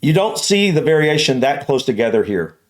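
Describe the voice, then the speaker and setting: A man from North Carolina with a mild Southern US accent chats casually as a reaction host. He rambles, restarts his sentences and talks at length. His pitch stays at a plain middle. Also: very animated, a little fast. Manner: rambling, hesitant, talkative. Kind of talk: casual chat.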